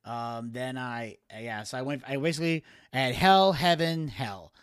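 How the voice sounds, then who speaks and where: With a clean, mid-range voice that's a little bright, the co-host takes his time. He's chatting casually on the podcast, telling meandering, filler-heavy stories and dropping into cartoon impressions.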